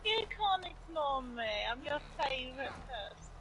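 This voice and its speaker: A woman's voice: high-pitched, animated, normal speed, heavy background noise. A woman co-streaming a game, teasing her friend playfully and laughing often. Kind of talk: casual gaming stream chat.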